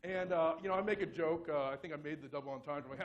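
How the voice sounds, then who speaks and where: A man's voice: a little high, lively intonation, fairly quick, dull audio, slight background noise. A man giving a conference talk, telling a story casually with lots of fillers, restarts and self-mocking humor. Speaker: conference speaker.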